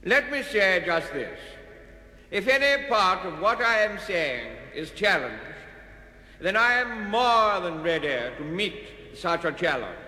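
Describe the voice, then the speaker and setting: A pompous, bright-voiced windbag politician. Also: male voice, sits high, very animated, takes it slowly, full character voice. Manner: pompous, orotund, evasive speechifying. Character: pompous windbag male politician, middle-aged. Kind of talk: comic political speech recording. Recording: echoey hall reverb.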